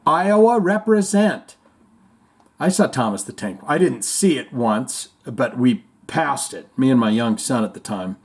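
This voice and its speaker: A middle-aged man hosting a casual podcast, reading listener comments and jokes aloud and telling stories with silly voices. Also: mid-range voice. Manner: animated storyteller, jumps into silly voices and reads jokes. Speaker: podcast host.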